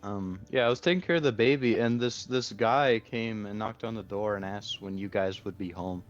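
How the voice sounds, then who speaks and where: An earnest, polite young girl speaks in a low, plain voice, as a man plays her. The mic sounds dull and lo-fi, with faint music behind. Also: normal speed, natural voice.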